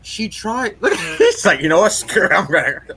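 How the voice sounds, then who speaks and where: A man with a bright, sharp voice that leaps around wildly in pitch. He riffs on a film with friends over a call, laughing often and playing up mock outrage. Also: wildly swooping pitch, moderate pace, vocal fry, a little hiss or hum. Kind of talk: casual movie commentary. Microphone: headphones on an online call.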